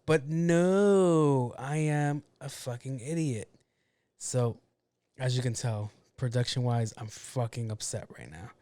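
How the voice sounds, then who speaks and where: A man's voice: medium pitch, measured pace, dark tone, dry recording. A man hosting a casual solo podcast, ranting bluntly with a lot of swearing and grumbling to himself about his own mistakes. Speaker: podcast host.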